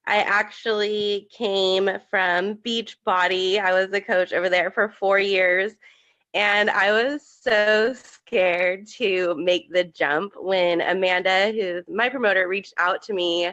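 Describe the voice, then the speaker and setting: A woman's voice: medium pitch, fairly even intonation, slow, fairly bright tone, lo-fi sound. Emotional young woman on a video call. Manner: tearful, many "like" fillers. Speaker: new business promoter.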